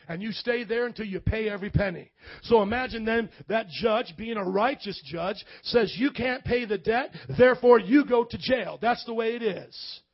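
A man preaching from the pulpit with a notably high voice that swings from talky asides to loud shouted declarations. His sermon style is colloquial, full of call-outs to the listeners. The recording sounds dull and lo-fi. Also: no echo. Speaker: pastor. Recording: dull lo-fi audio.

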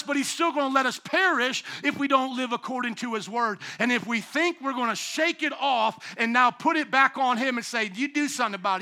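A middle-aged man preaching a sermon, swinging from hushed lines to shouted ones. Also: very high-pitched. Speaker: pastor.

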